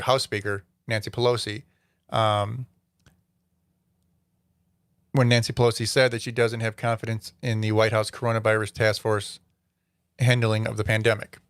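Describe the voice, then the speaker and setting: A man's voice: lowish voice, a bit bright, no room sound. A man hosting a solo commentary show, giving opinionated, rambling takes with frequent fillers. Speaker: host.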